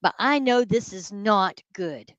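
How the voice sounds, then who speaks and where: A woman, a guest ghost hunter telling a story in casual, animated talk. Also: mid-range voice, slow, dry recording, lo-fi sound. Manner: animated, addresses listeners as y'all.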